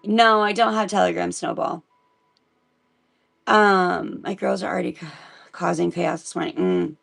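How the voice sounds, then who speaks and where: A woman's voice: on the low side, steady tone, unhurried, creaky, fairly bright tone, faint music behind. A woman from Missouri reads the Bible aloud on a livestream in a chatty way, breaking off to talk to her viewers. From Missouri, United States. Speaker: live-stream host reading the Bible. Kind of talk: casual live-stream Bible reading.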